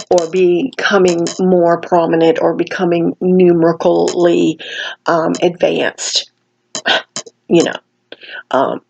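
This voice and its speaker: A woman's voice: fairly low pitch, vocal fry, noisy background. A tired woman giving a casual commentary rant, her speech a little slurred, folksy and emphatic with lots of "honey" and "baby". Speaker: vlogger commenting on another channel.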